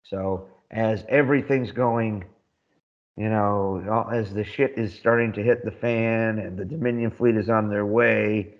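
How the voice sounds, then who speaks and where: A man in casual podcast chat, rambling excitedly and laughing often as he recaps. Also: fairly low pitch, unhurried, highs cut off. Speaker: podcast co-host.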